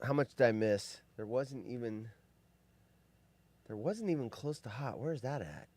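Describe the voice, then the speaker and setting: A man's voice: medium pitch, animated, measured pace, darkish tone. Joking, rambling middle-aged male streamer. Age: 50s. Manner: rambling, joking, reading chat aloud. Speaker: live stream host. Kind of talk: casual live stream chat.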